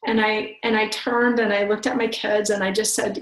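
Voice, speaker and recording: A middle-aged woman speaks as a podcast guest, recounting personal stories in an earnest, reflective way and often restarting her sentences. Her voice sits at a medium pitch. The recording has a noticeable roomy echo. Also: level tone, moderate pace, few pauses. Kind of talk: personal storytelling in conversation.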